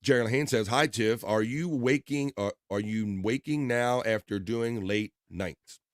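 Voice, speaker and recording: A man's voice: mid-range voice, unhurried, no room sound, clean studio sound. A man hosting a livestream, reading viewers' chat messages aloud in an upbeat, playful way and riffing on their names. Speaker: livestream host.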